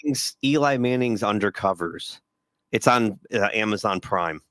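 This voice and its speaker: A man with a low voice co-hosts a casual sports chat. He tells stories with a lot of melody and puts on quick voices for quotes. The sound is dry and close. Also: no echo. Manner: animated storyteller, acts out quotes. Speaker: podcast co-host.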